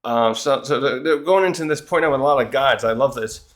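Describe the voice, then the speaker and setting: A man of middle pitch talks casually on his own about a comic chapter. He rambles and cuts himself off mid-sentence, then slips into quick acted bits of the characters' lines. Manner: rambling, self-interrupting, acts out characters' lines. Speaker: manga review host. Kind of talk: casual solo chapter review.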